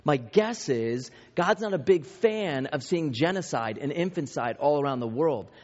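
A man's voice: on the high side, a little mellow. Man preaching in an echoing hall. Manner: conversational, with self-deprecating family anecdotes and many restarts. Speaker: pastor. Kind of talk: sermon. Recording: reverberant hall, dull lo-fi sound.

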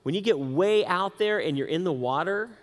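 A male pastor delivers a sermon in a fairly high voice, animated and full of quick asides to the congregation. He often repeats and restarts words. The sound carries a long reverb from a church hall.

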